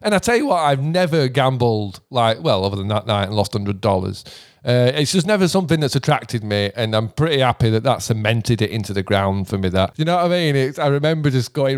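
A man's voice: mid-range voice, expressive, fairly quick, no room sound, clean studio sound. A man telling rambling stories in casual chat, swearing freely and laughing often. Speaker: podcast guest musician.

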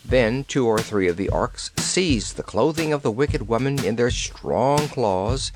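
A man narrating a storybook audiobook in a lively, expressive reading, over background music. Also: mid-range voice, measured pace.

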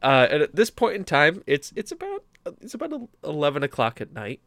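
A young man co-hosting a gaming podcast, telling stories in a casual, animated, rambling way with many restarts. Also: a little high, fairly quick, no echo. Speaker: podcast co-host. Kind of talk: casual storytelling chat.

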